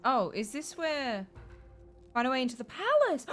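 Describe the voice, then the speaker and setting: A young woman streaming a game and reacting out loud, jumpy and profane, shrieking and laughing at scares. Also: high-pitched, sing-song, normal speed. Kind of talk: live let's-play commentary.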